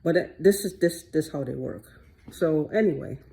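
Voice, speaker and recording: A woman's voice: deep voice, moderate pace, creaky, dark tone, a little hiss or hum. A woman talking in a loose, rambling monologue, often repeating herself and restarting. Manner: repetitive, rambling, restarts a lot. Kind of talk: casual monologue to camera.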